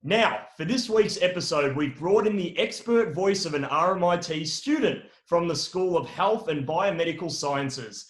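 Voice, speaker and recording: Man, show host, upbeat, playful, slightly high voice, roomy echo. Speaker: podcast host. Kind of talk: scripted intro then interview questions.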